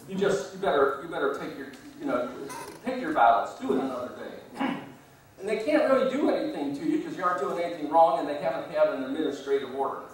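Middle-aged guy giving a talk, lively storyteller, slightly high voice, super echoey room, mic set far off. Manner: animated storyteller acting out both sides. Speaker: guest speaker. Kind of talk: public speech with anecdotes. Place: meeting room. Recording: very echoey room, distant mic, faint noise.

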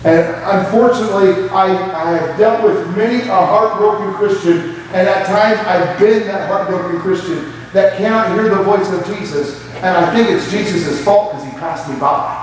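A man's voice: high voice, normal speed, few pauses, a little hiss or hum. A man preaching a sermon as pastor, with rising emphasis and quoted asides. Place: church sanctuary. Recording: echoey church hall from far off.

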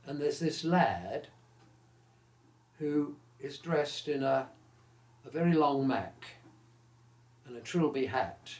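Elderly male raconteur in his eighties, mid-pitched, lively, recorded in a roomy echo. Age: 80s. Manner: lively raconteur who acts out the quoted voices. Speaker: interviewee recalling his career. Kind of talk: anecdotal storytelling.

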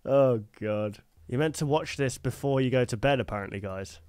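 A man's voice: mid-range voice, normal speed, a little mellow, smooth, dry recording, clean studio sound. A man streaming, reacting to videos with jokes, laughter and swearing. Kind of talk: casual reaction commentary.

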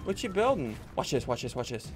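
A young man giving jokey, excitable commentary while playing a video game. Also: mid-range voice, a little fast, soft background music. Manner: excitable, jokey, yelps and laughs mid-play. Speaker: gaming channel host. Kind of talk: live gameplay commentary.

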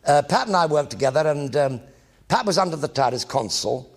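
Gravelly older English raconteur. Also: male voice, a little high, fairly quick. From England. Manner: lively raconteur, acting out quoted colleagues. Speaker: actor telling career stories on stage. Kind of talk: anecdotal one-man stage show.

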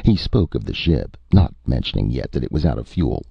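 A man narrating a science fiction story in a measured, expressive audiobook manner. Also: a bass voice, creaky, slightly rough, no room sound, muffled recording.

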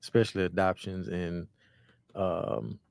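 A man co-hosting a casual podcast who talks in a relaxed, joking way. He pauses and restarts as he works through his thoughts. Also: low voice, vocal fry. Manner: laid-back, joking, hesitant. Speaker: podcast co-host.

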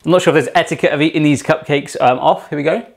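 A man's voice: fairly high pitch, fast, creaky. A man hosting a casual home baking tutorial in his kitchen, chatty and playful with puns and jokes. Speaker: self-taught home baker hosting a cooking channel.

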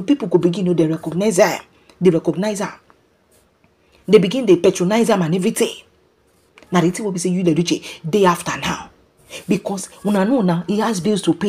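A Nigerian woman giving animated celebrity gossip commentary in a mix of Pidgin and English, often calling out to her people. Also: fairly low pitch, husky. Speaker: gossip vlogger.

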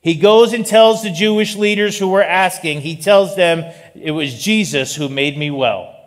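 A male pastor preaching a sermon in an animated style, with joking asides. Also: high-pitched, normal speed. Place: church sanctuary. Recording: long reverb of a large hall.

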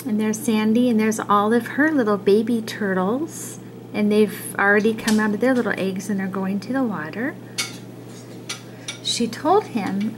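A woman reading a children's picture book aloud, expressive and adding little asides about the pictures. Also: mid-range voice, unhurried, a crowd in the background, rough recording. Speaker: storybook reader.

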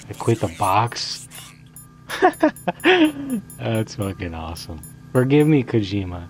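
A young man casually commentating his video game playthrough, swearing freely, laughing often and bursting into excited outbursts. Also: lowish voice. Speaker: gaming streamer. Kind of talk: casual let's play commentary.

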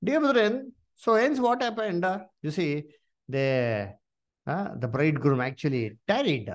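A man leads a Bible study. His pitch rises and falls in a lively way, and he keeps asking questions and leaning on "you see" and "uh" between phrases. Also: a little slow. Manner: many "uh" and "you see" fillers, rising questions to listeners.

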